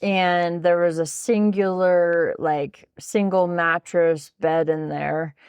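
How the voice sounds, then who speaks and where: A woman's voice: fairly low pitch, steady tone, slow pace, darkish tone, clean tone, dry recording. A woman in a casual podcast conversation, telling a story with frequent restarts and bits of laughter. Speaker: podcast guest, host's sister.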